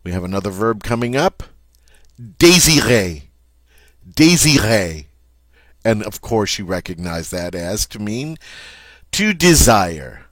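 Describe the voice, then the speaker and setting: A man teaching French vocabulary in a slow, patient way, saying each word twice and then explaining it. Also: on the low side, animated, no echo. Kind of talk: vocabulary lesson.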